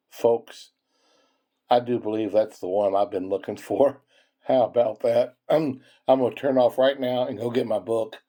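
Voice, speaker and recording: His voice is lowish and warm. As a coin-roll hunting channel host, he sorts pennies and searches rolls while chatting casually with viewers in a folksy way, chuckling often and addressing them as folks.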